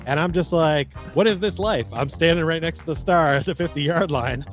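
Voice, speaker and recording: A man co-hosting a casual podcast, an animated storyteller who laughs often. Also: fairly high pitch, normal speed, faint music behind. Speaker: podcast co-host.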